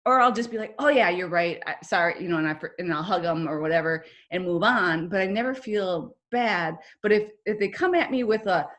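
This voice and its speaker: A woman's voice: medium pitch, brisk, few pauses, a bit bright. A woman co-hosting a casual chat, talking in a blunt, matter-of-fact way. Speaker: podcast co-host.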